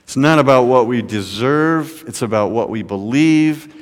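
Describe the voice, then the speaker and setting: A man preaches to his congregation, telling a story with dramatic swings between near-whispers and raised, lifted lines. His voice sits at an ordinary middle pitch. The sound carries the long reverb of a large hall. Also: expressive, unhurried. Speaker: pastor. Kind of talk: sermon storytelling.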